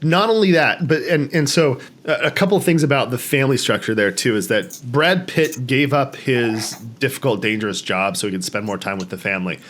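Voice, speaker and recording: A man's voice: medium pitch, fairly quick, hardly any pauses. A man casually talking through a movie on a podcast, acting out characters' lines in a raised voice. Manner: animated, acts out quoted lines in raised voices. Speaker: podcast host.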